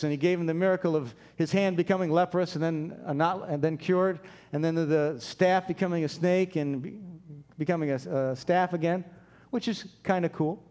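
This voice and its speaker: A man's voice: sits high, normal speed, darkish tone. A man preaching a conversational sermon, acting out the quoted dialogue as he goes. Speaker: pastor.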